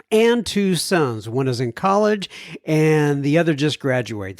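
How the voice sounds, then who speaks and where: A man's voice: a little high, dry recording, clean studio sound. A man hosting a podcast, reading out listener letters with chatty asides and stumbling over hard words. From United States. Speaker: podcast host. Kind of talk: reading listener messages aloud.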